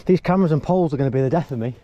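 A man's voice: on the high side, very fast, lo-fi sound, noisy background. A man vlogging outdoors on a rocky mountain as he climbs, talking chattily to an action camera while cold and working hard. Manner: chatty, self-deprecating, exclaims while climbing. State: cold, exerting himself climbing. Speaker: hiking vlogger. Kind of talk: breathless on-the-go commentary. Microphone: handheld or body-mounted action camera.

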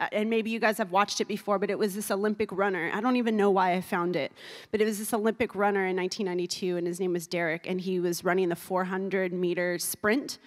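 A woman giving an emotional sermon, earnest and building to fervent preaching, with tearful moments. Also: mid-range voice. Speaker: youth speaker. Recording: reverberant hall.

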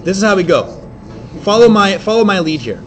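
A man teaching an English class, explaining in quick bursts with many fillers and restarts. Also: sits high, very animated, a bit bright, a little hiss or hum. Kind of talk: classroom lecture.

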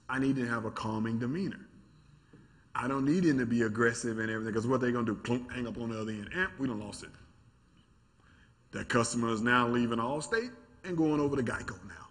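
A man speaks to a live audience in a church room with an energetic, demonstrative delivery. He acts out little scenes and keeps asking rhetorical questions. His voice sits at an ordinary middle pitch for a man. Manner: animated, acts out quotes and asks rhetorical questions. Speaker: workshop speaker. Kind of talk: interactive teaching talk.

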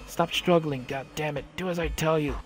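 A man's voice: on the high side, fairly even intonation, moderate pace, close to an everyday voice. A man reading the lines of a cold, menacing man who sounds mechanical and unhinged in a game. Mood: angry. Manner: mechanical, with an edge of insanity.

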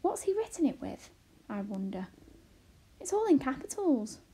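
A woman reading aloud, voicing an eager, bold tiny girl who asks excited, breathless questions. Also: sits high, normal speed, slightly rough, pitched above the performer's own voice, exaggerated voice. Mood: puzzling.

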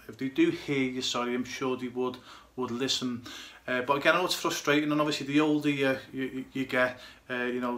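A middle-aged goalkeeping coach giving casual, rambling advice to young players, full of fillers and restarts. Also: male voice, mid-range voice, sharp tone.

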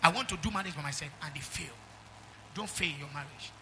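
A middle-aged Nigerian-accented man preaching a sermon in church, calling out to the congregation and swinging from loud exhortation to quiet asides. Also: high voice, animated, quick pace, a little hiss or hum. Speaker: pastor.

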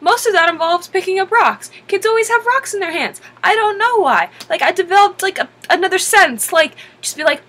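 A woman in her twenties telling a story in animated storytime narration, exasperated and lively, acting out her own lines. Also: extremely high pitch, a little fast, few pauses.

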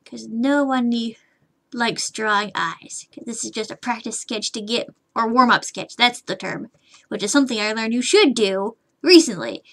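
Higher-voiced woman muttering while she draws. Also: a bit bright. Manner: rambling self-talk, muttering and humming while working; frustrated, swears casually. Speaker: streamer. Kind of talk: live drawing stream chatter.

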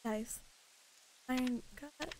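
A woman's voice: sits high, extremely slow, background noise. A woman streaming a game, chatting casually with viewers in a bubbly, giggly way. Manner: bubbly and giggly, chats with viewers while playing. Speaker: VTuber streamer. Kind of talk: casual gameplay stream chat.

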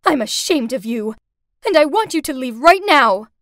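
A woman's voice: high-pitched, animated, normal speed, a bit bright, dry recording, clean studio sound. Woman doing a stern disappointed mother. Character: stern mother, deeply disappointed in her daughter. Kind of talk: animated story narration.

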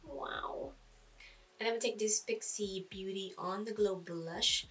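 A woman talks through a casual makeup tutorial in a bright, sharp-edged voice, chatty and self-deprecating, pausing on fillers as she thinks. She sits a little back from the microphone, so she sounds slightly distant. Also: mid-range voice, steady tone. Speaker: beauty vlogger.

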